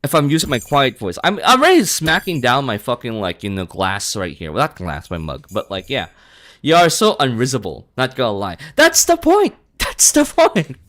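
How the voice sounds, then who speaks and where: A man from the Philippines, chatting casually on a live stream, animated and laughing often, swearing and saying bro a lot. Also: mid-range voice, fairly quick.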